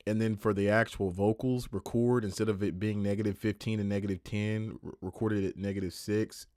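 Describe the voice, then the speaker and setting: A man's voice: fairly low pitch, dry recording, clean studio sound. A man who produces and mixes music, talking casually on a livestream tutorial in a loose, rambling way that often corrects itself. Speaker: music producer and mix engineer.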